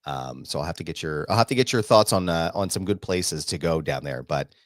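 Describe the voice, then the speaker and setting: A man's voice: deep voice, fairly quick, dry recording, clean studio sound. A man hosting a live wrestling chat show, talking casually and laughing along with his co-host. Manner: animated, laughing, fan-like. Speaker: podcast host. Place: home studio on a live stream.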